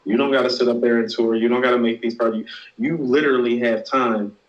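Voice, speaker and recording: A man's voice: mid-range voice, fairly even intonation, fairly quick. Man, podcast co-host, blunt and emphatic, echoey room, slightly muffled sound. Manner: blunt, emphatic, repeats hold on and no. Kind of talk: heated casual debate.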